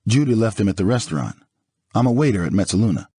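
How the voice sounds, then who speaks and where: A man's voice: lowish voice, lively intonation, fast talker, mellow, husky, no room sound, studio quality. A man voicing a nervous young waiter who stammers and pleads in a raised voice in an audiobook. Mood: nervous pleading.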